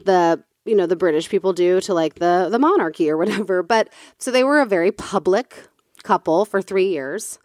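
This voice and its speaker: A woman's voice: on the low side, normal speed, a little mellow, no echo, clean studio sound. A woman co-hosting a casual chat, talking freely with many fillers and restarts.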